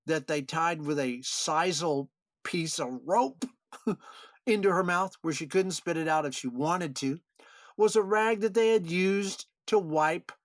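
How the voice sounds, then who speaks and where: An older actor, a guest on an interview podcast, telling animated behind-the-scenes anecdotes with frequent chuckles. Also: male voice, a little high, no room sound, clean studio sound. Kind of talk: storytelling interview.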